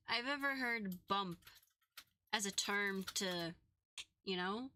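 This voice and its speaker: A woman's voice: mid-range voice, takes it slowly, bright, forceful tone, slight background noise. A young woman streamer giving jokey, chatty let's-play commentary. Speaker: gaming streamer. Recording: game music underneath. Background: game music.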